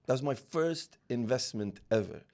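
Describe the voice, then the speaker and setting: A man's voice: medium pitch, moderate pace. A man in his forties, raised in the UAE, telling a story as a podcast guest and acting out the dialogue, often restarting his sentences. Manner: animated anecdotes, acting out dialogue, many restarts. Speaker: real estate founder, guest. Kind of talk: storytelling interview.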